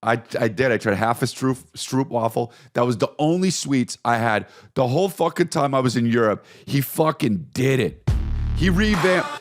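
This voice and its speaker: A man hosting a podcast, telling crude, animated comedic stories and riffing with lots of profanity. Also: mid-range voice, moderate pace, faint music behind. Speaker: podcast host. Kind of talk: comedic storytelling monologue.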